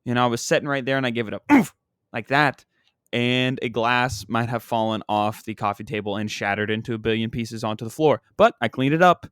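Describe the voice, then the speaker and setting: A young man hosts a solo podcast in casual chat, rambling and exasperated as he vents about his teams. His voice sits at an ordinary middle pitch for a man. The recording is dry and close, with little room sound. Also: little pitch movement, brisk, fairly bright tone, clear, resonant tone, dry recording. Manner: rambling, exasperated sports-fan venting with frequent "you know what I mean". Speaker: podcast host and comedian.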